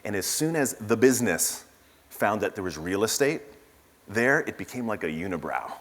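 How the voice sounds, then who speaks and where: A man's voice: on the low side, very animated, moderate pace. A man speaking at a conference, telling stories in a casual way with asides and fillers. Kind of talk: conference keynote talk. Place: large conference hall. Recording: reverberant conference hall.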